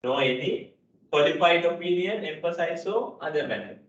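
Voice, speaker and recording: A man's voice: fairly high pitch, moderate pace. A man giving a classroom lecture on accounting, repeating key points and checking in with "right?". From Sri Lanka. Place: lecture hall. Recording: dull, echoey hall audio from a distance.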